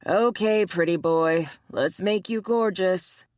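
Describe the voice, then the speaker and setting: A woman's voice: lowish voice, slow, a little mellow, dry recording, studio quality. A woman voicing a mischievous male spirit bear who teases and mocks his friend, in an audiobook. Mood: teasing. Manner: teasing, mocking.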